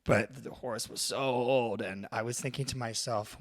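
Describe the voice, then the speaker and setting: A man in his thirties tells a story casually as a co-host, with a voice in a middle pitch range. He uses many fillers and brings the story alive with energy. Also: moderate pace, few pauses. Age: 30s. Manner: animated storyteller, acts out voices.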